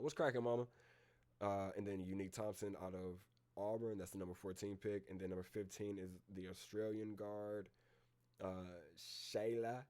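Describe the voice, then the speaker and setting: A man with a lowish, slightly mellow voice hosts a casual live-stream reaction, talking slangily and rambling while calling his listeners bro. He reads down a list of names, pausing with fillers.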